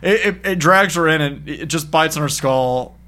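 Casting note: bright-voiced man, slightly high, laughs a lot while recapping a movie. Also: moderate pace. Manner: laughs often, swears, acts out characters' lines. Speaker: podcast co-host. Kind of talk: casual movie recap chat.

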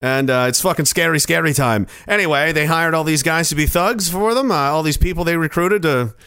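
A man's voice: on the high side, fairly quick, sharp tone, smooth, no echo. A young man doing a profane, sarcastic stand-up rant, acting out other people's voices. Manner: profane, sarcastic, acts out characters. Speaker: stand-up comedian.

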